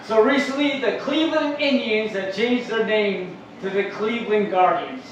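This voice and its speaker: A man's voice: high voice, lively intonation, moderate pace, lo-fi sound, crowd noise. A man doing a crude, rambling stand-up comedy set at an open mic. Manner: crude, rambling, loud joke delivery. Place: club or open mic in Los Angeles. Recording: echoey room, mic far off, faint ambience.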